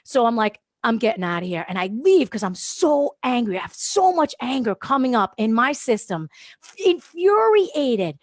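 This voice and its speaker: A woman guest on a radio show, telling a lively story, laughing often and acting out what people said. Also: high-pitched, normal speed, no echo, studio quality. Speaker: guest, holistic wellness practitioner. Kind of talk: animated storytelling in a radio interview. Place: radio studio.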